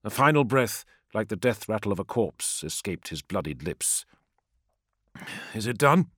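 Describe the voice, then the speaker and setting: A man giving dramatic, expressive audiobook narration. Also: fairly low pitch, normal speed, no echo, clean studio sound. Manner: expressive storytelling.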